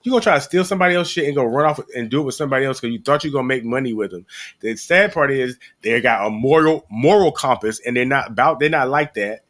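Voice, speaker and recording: A man's voice: mid-range voice, fast. A man co-hosting a casual podcast, telling a story with lots of profanity and acting out the voices of the people in it. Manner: animated storytelling, acts out quoted voices, heavy profanity. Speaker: podcast co-host. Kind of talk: casual chat.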